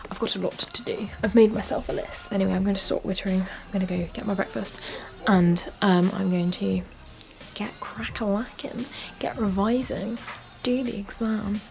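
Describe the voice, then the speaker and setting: A woman's voice: medium pitch, steady tone, normal speed, gravelly, darkish tone, faint music behind. A young woman, talking casually to camera in a rambling, chatty way full of fillers. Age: young adult. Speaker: vlogger. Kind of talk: casual vlog chat.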